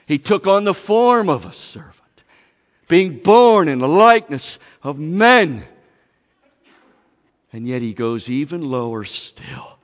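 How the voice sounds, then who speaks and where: Man, pastor, sermon, hushed-to-loud swings, dull sound with lingering reverb. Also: fairly high pitch, very animated, slow pace, pauses often. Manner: calls congregation "gang". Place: church.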